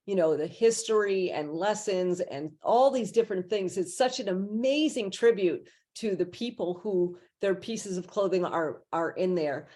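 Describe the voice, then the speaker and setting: Woman interview host, effusive and chatty, middle pitch, on a video call. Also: measured pace, few pauses, dark tone. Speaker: podcast host. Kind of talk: interview conversation.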